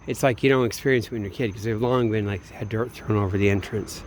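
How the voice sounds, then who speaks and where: A man's voice: on the low side, fairly even intonation, fast, background noise. A man from Minneapolis in a meandering, late-night solo monologue, swearing freely and often trailing off mid-thought. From Minneapolis, USA. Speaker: vlogger.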